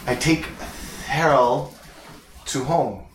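A man voicing a nervous, lean, lizard-like male creature who lisps and speaks in broken, halting phrases. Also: medium pitch, slight background noise, natural voice. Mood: curious. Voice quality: lisp. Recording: roomy echo.

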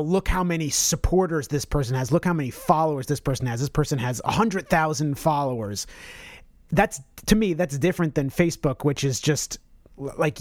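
Rambling podcast co-host, slightly high voice. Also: male voice, no echo, clean studio sound. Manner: rambling, many restarts and self-corrections. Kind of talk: casual podcast chat.

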